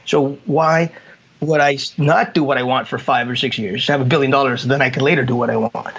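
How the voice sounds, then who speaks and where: A man's voice: medium pitch, fairly even intonation, a little fast, creaky, fairly bright tone, slightly rough, dull audio. A man, a consultant, talking casually and telling stories with acted quotes and frequent restarts. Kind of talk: casual conversation.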